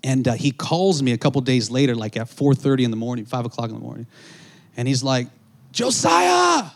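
A man preaching a sermon, telling a story in an animated way, acting out the voices of others and calling out to the congregation. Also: mid-range voice, quick pace. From Southern California. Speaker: pastor.

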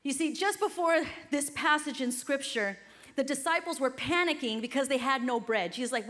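Woman preacher, energetic exhortative sermon, high voice, bright and forceful. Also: quick pace. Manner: energetic, exhortative, rising to shouts.

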